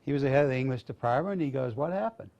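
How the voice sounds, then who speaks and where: A man's voice: medium pitch, very fast, a little mellow. An older man from Maine, a veteran speaking to students, telling folksy stories in a rambling, casual way. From Maine, USA. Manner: rambling, folksy anecdotes with restarts.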